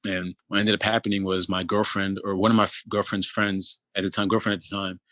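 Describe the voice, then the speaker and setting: A man in his thirties tells his own story in an interview, speaking low and with little rise and fall. His voice has a bright, pressing edge, and the recording is dry and close. He talks in a halting, loose way, with constant "you know"s and restarts. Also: flat delivery, no room sound. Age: 30s. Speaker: interview guest. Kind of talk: telling a personal story in conversation.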